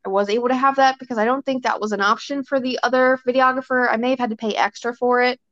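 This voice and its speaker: A woman's voice: a little high, steady tone, fast talker, a bit bright, no echo. Chatty young woman, dry dull recording. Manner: chatty, filler-heavy, often acts out quotes. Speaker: podcast guest. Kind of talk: casual chat. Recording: dry, slightly dull sound.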